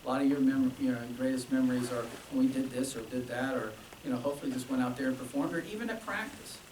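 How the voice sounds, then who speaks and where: A man's voice: medium pitch, fast, a little mellow. Man addressing alumni in an echoey room. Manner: chatty, with quoted dialogue and laughs. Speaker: band director. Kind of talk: informal speech to alumni. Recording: echoey room from far off, with noise.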